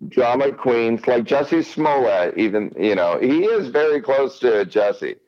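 A man's voice: mid-range voice, big pitch swings, a little slow, dull audio. A man in casual podcast chat, rambling and swearing, often repeating himself. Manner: rambling, profane, repeats words.

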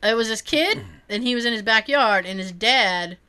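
A woman chatting casually, telling an animated story and acting out the people in it, laughing often. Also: a little high, moderate pace, clear, resonant tone. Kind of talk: casual chat.

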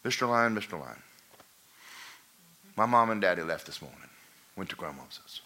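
A man's voice: low-pitched, expressive, normal speed, sharp tone, heavily acted. A man voicing a lost, weary little male jungle creature who keeps pleading for help and repeats himself.

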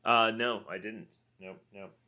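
Deep, forceful deadpan man. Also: unhurried. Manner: deadpan joker. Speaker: podcast co-host. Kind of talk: casual chat.

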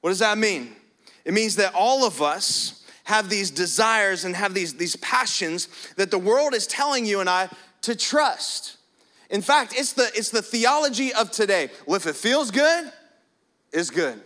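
A man preaching a sermon, shifting between quiet prayerful passages and loud emphatic stretches. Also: high-pitched, expressive, measured pace. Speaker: pastor.

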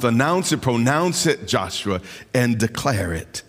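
Preacher guy chanting his sermon, voice jumps all over the place, slow and drawn out. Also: mid-range voice, very animated, long reverb tail. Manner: chanting, sing-song preaching cadence that swells into shouts.

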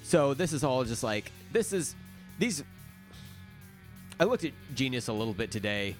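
A man's voice: mid-range voice, big pitch swings, moderate pace. Man, sarcastic co-host, casual profane banter, faint guitar music underneath. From Oklahoma. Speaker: podcast co-host. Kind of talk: casual chat.

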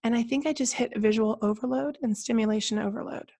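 Hoarse, scratchy-voiced woman podcast host. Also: a little high, fast talker, mellow. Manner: chatty, trailing restarts. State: hoarse from a cold. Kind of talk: casual chat.

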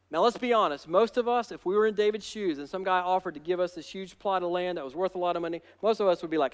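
A male pastor with a high-pitched voice delivers a sermon with energy. He is emphatic and punches key lines. He also slips into casual, self-mocking asides. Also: quick pace, hardly any pauses, clear, resonant tone.

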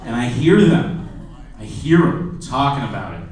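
A man in his twenties doing a stand-up comedy set, self-deprecating, dropping to a low mutter and then bursting into loud shouted bits. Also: sing-song, a little slow, very echoey, distant mic, a little hiss or hum, poor audio. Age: 20s. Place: comedy club stage. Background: audience laughter.

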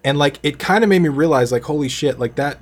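A man's voice: on the high side, quick pace. A man who makes games and videos, a guest on a podcast, telling a loose, rambling story packed with fillers. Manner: rambling, full of "like", casual and loose. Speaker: guest, game developer and YouTuber. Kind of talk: casual interview chat.

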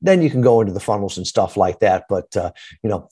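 A man's voice: on the low side, animated, fast talker, warm tone, slightly rough. A man guesting on a podcast interview, answering in punchy, quotable lines and often checking in with "right?". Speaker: podcast guest, marketing founder.

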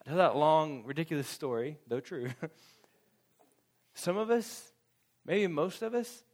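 A man's voice: on the high side, takes it slowly. A young man preaching a sermon, telling a funny personal story with frequent laughter and acted-out quotes. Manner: animated storytelling, laughs often, acts out quotes.

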